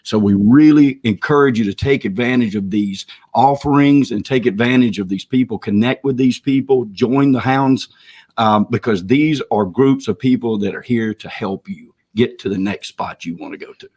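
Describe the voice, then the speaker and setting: A man with a slightly husky, breathy voice co-hosts a casual online session. He speaks at a middle pitch and tells stories with animated swings, acting out the people in them. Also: normal speed. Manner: animated storyteller, acts out voices. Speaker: co-host. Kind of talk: casual webinar talk with storytelling.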